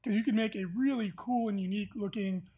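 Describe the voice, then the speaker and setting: A man's voice: sits high, fast talker, dark tone, slightly rough. A man hosting a podcast, talking casually and easily about tabletop gaming news with a lot of filler words. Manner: chatty, easygoing, with frequent filler words. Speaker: podcast host.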